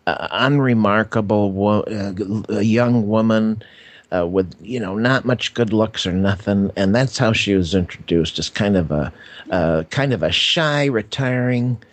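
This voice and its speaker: A man co-hosting a podcast, chatting casually about a movie with many pauses and fillers. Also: lowish voice, no echo. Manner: hesitant, full of uh fillers, laughs easily. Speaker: podcast co-host.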